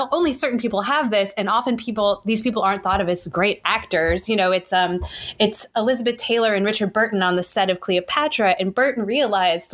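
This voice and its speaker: A woman co-hosting a casual film conversation, thinking aloud with frequent hesitant restarts. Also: medium pitch. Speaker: podcast co-host.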